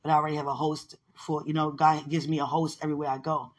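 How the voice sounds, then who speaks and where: A woman's voice: low voice, level tone, fast talker. A woman in casual, heartfelt one-sided talk, rambling and affectionate, often laughing, with religious phrasing.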